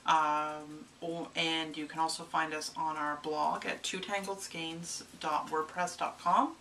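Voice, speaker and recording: A woman's voice: deep voice, flat delivery, measured pace, fairly bright tone. A woman co-hosting a casual knitting podcast, playful and rambling, with many "um"s. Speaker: podcast co-host. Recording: distant mic with faint room noise.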